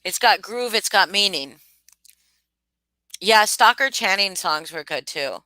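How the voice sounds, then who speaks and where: A young adult woman hosting a casual livestream, chatting with viewers and reacting in animated disbelief. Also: medium pitch, measured pace, no room sound, rough recording. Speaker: livestream host.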